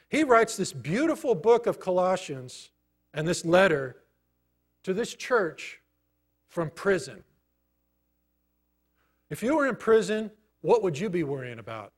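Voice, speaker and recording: Man preaching a personal testimony sermon. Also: high voice. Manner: storytelling, conversational, pausing often. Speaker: pastor.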